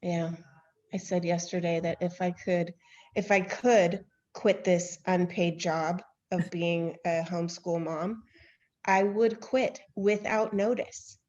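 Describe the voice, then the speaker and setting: A woman's voice: on the low side, steady tone, slow, a little mellow, highs cut off. A woman in her thirties co-hosting a podcast, telling a story in a candid, self-deprecating way with frequent laughs and sighs. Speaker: podcast co-host. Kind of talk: casual chat.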